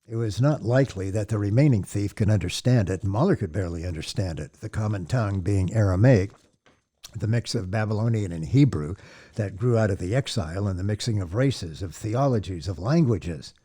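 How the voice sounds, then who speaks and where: A man narrating an audiobook in a measured, descriptive storytelling manner. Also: on the low side, mellow, breathy edge. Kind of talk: scripted narration.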